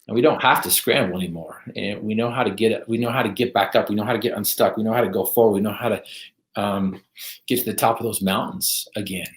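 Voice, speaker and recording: A man's voice: on the low side, fairly even intonation, fast. A man guest telling a personal story in an earnest, emphatic way. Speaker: podcast guest. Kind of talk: motivational storytelling. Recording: roomy echo.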